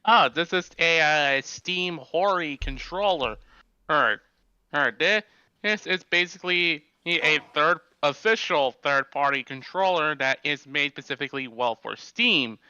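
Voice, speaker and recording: A man chats eagerly on a stream show with a very bright, crisp, fairly high voice. The sound is dry and dull, as from a lo-fi mic. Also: lively intonation, a little slow, no room sound. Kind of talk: casual chat.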